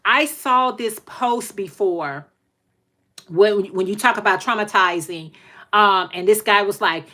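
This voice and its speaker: A woman's voice: medium pitch, measured pace, a bit bright. A middle-aged woman hosting a casual livestream, chatting to viewers in a talkative, folksy way and often repeating herself. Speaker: livestream host.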